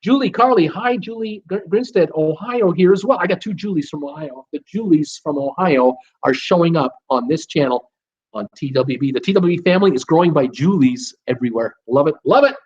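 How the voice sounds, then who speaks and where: A middle-aged man hosts a live cruise chat stream, reading out viewer comments in a friendly, rambling way full of fillers. His voice sits a little high for a man. The audio is dull and lo-fi, like a basic stream setup. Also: brisk, darkish tone, slightly rough. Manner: chatty, upbeat, reads names and greetings aloud with many fillers.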